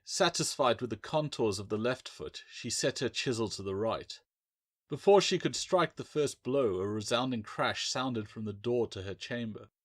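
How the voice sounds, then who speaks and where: Low-voiced man reading a dark fantasy. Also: no echo, clean studio sound. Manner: measured, dramatic storytelling. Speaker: author reading own book. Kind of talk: audiobook narration.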